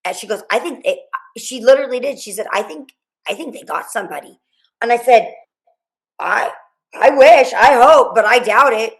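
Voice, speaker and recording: A middle-aged woman being interviewed, recounting a frightening night in a rambling, halting way, full of restarts and quoted dialogue. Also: a little high, lively intonation, poor audio. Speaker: guest, mother of a murdered student. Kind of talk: emotional interview storytelling.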